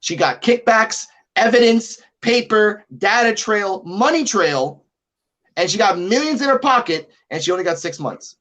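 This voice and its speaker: High-voiced ranting man from Puerto Rico. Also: animated, a bit bright. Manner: profane, ranting, rapid-fire. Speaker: podcast co-host. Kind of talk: heated casual podcast chat. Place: Puerto Rico, remote call-in.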